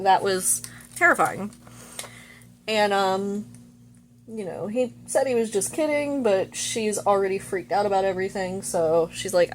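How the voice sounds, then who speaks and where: A young woman chats her way through a movie recap, full of "like" and quick asides. Her voice sits in a middle register, and a faint hum runs behind her. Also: medium pitch. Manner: chatty, full of "like". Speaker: vlogger.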